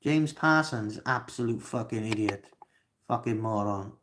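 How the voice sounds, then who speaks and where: Welsh guy in his 20s doing a live stream, reads chat out loud, snaps and swears at trolls. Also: lowish voice, measured pace, noisy background. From Wales. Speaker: livestream host.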